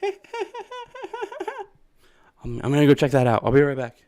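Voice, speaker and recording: A man's voice: medium pitch, brisk, long pauses, a little mellow, no room sound, studio quality. A man chatting casually on a livestream, rambling and laughing often from a small room. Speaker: streamer.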